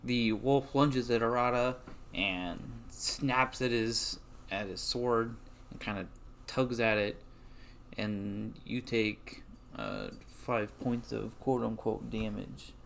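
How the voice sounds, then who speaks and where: A man's voice: mid-range voice, takes it slowly, gravelly, a bit bright, a little hiss or hum. A man narrating a tabletop game as game master, hesitant and full of fillers.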